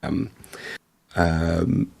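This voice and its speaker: Brief: man, low gravelly voice, rambling self-deprecating stream chat. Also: completely flat delivery, very slow, darkish tone. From Essex, England. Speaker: livestream co-host. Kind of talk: casual chat while painting.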